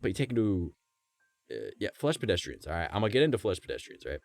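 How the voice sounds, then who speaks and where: Brief: male streamer, low voice with a wide, bouncy range, rambling profane storyteller, faint music underneath. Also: fast talker, gravelly. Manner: animated, profane, keeps checking in with "right?". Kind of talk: casual storytelling on a live stream.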